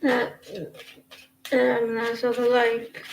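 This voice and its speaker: A woman's voice: fairly high pitch, completely flat delivery, drawn-out words, vocal fry, roomy sound, a little hiss or hum, low-quality recording. A woman giving tarot readings on a casual livestream, chatting in a rambling way and often breaking off mid-sentence. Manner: rambling, chatty, self-interrupting. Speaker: tarot reader.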